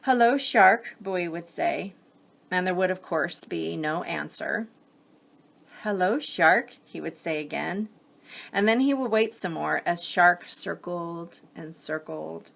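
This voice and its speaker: Slow, gravelly-voiced woman reading a storybook. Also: fairly low pitch. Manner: gentle, pausing to explain the story. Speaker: teacher reading to children. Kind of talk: reading a picture book aloud.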